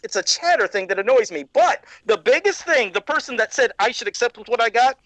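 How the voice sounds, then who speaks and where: A man's voice: very high voice, expressive, a little fast, fairly bright tone, no echo. Male podcast co-host, heated profane rant, dry close sound. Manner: angry, profane ranting. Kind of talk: ranting casual chat. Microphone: video call.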